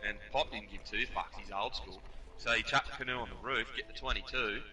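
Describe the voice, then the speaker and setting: A man with an Australian accent telling hunting stories on a casual podcast, swearing freely and animated. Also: fairly low pitch, a little fast, recorded from a distance. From New South Wales, Australia. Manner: profane, animated, laughs while telling stories. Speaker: podcast storyteller.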